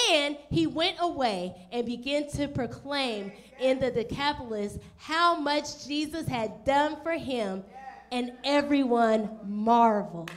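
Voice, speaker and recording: High-voiced woman pastor preaching. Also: slow pace. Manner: animated, acts out voices of people in the story; direct questions to the congregation. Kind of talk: sermon.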